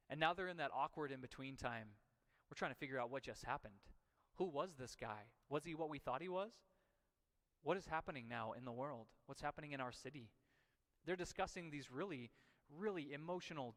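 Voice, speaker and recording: A man's voice: medium pitch, a bit bright, in a large hall. A male pastor giving a sermon in a conversational, storytelling way, acting out the quotes he tells. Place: church sanctuary.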